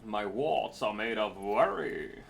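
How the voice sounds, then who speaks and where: A man streaming live, chatting casually, excitable, laughing and swearing freely. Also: lowish voice, slow, vocal fry, slight background noise.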